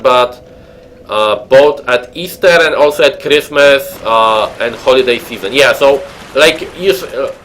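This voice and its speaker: A man from Poland plays a game on stream and chats casually with viewers in a Polish accent, rambling with lots of fillers and restarts. His voice is mid-range and a bit bright, and slight background noise sits under this let's-play talk.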